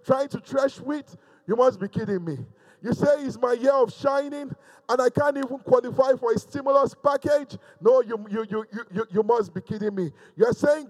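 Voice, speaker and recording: A male preacher with a notably high voice delivers a sermon straight to the camera. He moves between rousing, emphatic calls to the congregation and soft, hushed asides. His delivery is fervent and dramatic. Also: moderate pace. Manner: fervent preaching, swinging from loud exhortation to hushed, intimate asides. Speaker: pastor. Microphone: speaking to a camera.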